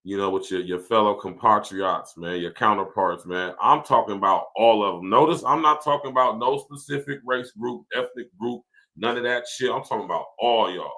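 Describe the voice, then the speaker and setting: At a moderate pace, a man with a fairly low, bright, forceful voice hosts a podcast, ranting casually and profanely on a livestream, breaking into laughter often and reading viewers' comments aloud.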